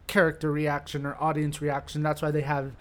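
A podcast co-host chatting casually, animated, often restarting sentences. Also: medium pitch, brisk. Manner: animated, restarts sentences, reads quotes aloud. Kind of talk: casual chat.

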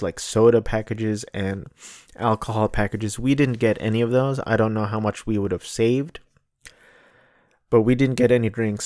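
Rambling man in his thirties, low voice. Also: a little mellow, no room sound, clean studio sound. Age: 30s. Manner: rambling, self-correcting, wry. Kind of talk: casual storytelling vlog.

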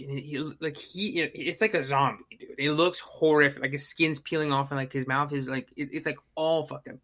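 A podcast co-host in casual movie-review chat, talking in an animated way, swearing and acting out their own reactions. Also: medium pitch, moderate pace, few pauses.

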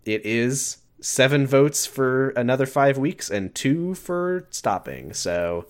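A man's voice: mid-range voice, expressive, takes it slowly. Laid-back man reading podcast plugs. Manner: rambling, laughs between plugs. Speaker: podcast co-host. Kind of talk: casual podcast outro chat.

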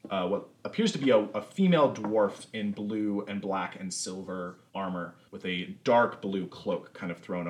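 A man narrating as game master in a tabletop game, relaxed and full of fillers. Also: fairly low pitch.

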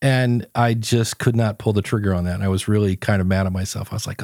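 Lively storytelling man, dry close sound. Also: on the low side, quick pace, hardly any pauses, no echo. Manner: animated storyteller acting out his own quotes. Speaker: podcast guest. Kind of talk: casual interview chat.

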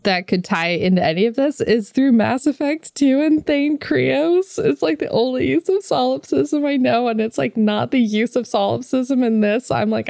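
A woman's voice: a little high, moderate pace, vocal fry, few pauses, a little mellow, no room sound, clean studio sound. A woman co-hosting a podcast, chatting casually with many fillers and reading lore text aloud. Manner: chatty, filler-heavy, laughs often. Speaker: podcast co-host.

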